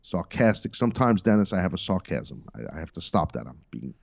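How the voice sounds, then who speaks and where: A man's voice: low voice, very animated, a little fast, gravelly, a little mellow, no echo, highs cut off. A middle-aged man hosting a podcast, giving blunt, emphatic wrestling commentary with profane, sarcastic asides. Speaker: podcast host.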